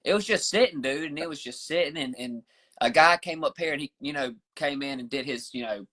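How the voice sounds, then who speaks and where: Southern male host, slightly high, bright, cussing casual chat on a video call. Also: fairly quick. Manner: laid-back, swears a lot. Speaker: podcast host. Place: his den at home, indoors.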